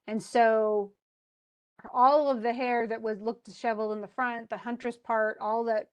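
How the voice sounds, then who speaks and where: A woman teacher with a slightly high voice talks a class through an old epic story. She is casual and chatty, with lots of fillers, restarts and little check-ins along the way. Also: steady tone, moderate pace, smooth, dull audio.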